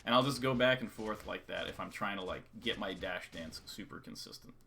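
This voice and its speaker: A man's voice: on the low side, a little fast, creaky, pushed and bright, a little hiss or hum. A man coaching a student in a live-streamed game lesson, talking casually and counting out rhythms over and over. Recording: keyboard clicks and typing behind. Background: keyboard clicks and typing.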